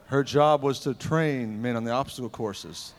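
Animated male revival preacher. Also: mid-range voice, moderate pace. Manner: animated, storytelling, swings from loud to hushed. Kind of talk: revival sermon with personal stories.

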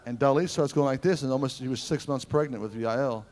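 Animated male revival preacher. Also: medium pitch, a little fast. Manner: animated, storytelling, swings from loud to hushed. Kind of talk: revival sermon with personal stories.

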